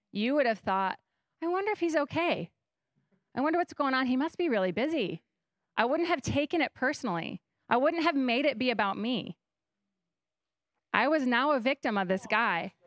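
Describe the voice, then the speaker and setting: With a slightly high, fairly bright voice that is clear and resonant, a young guest pastor preaches a conversational sermon on a church stage. She tells stories animatedly and plays out her own thoughts. The recording is studio quality, free of room sound.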